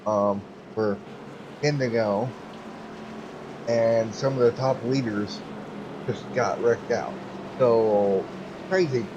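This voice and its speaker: A hoarse man doing excitable, rambling race commentary over a sim race, with many fillers. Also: medium pitch, slow, pauses often, dull audio, background noise.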